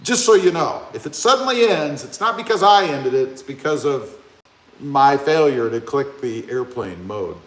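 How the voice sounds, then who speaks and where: A man's voice: mid-range voice, animated, moderate pace. Chatty man hosting a live stream. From Ohio. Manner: joking, chatty, talks back to viewer comments. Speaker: live-stream host reading chat. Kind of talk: casual live-stream chat. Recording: echoey room.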